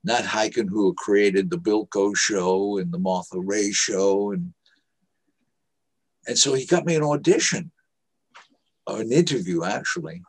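An older man, a veteran actor, telling anecdotes in an interview and acting out the voices of people he quotes. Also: on the low side. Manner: slow, anecdotal, acts out quoted voices, chuckles. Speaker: actor guest. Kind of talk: storytelling interview.

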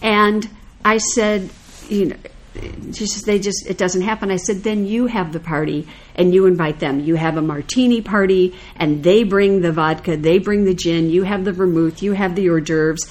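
A woman's voice: lowish voice, normal speed. An older woman casually telling a story in conversation, acting out what people said. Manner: animated anecdotal storyteller, acts out quoted lines. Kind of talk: casual chat.

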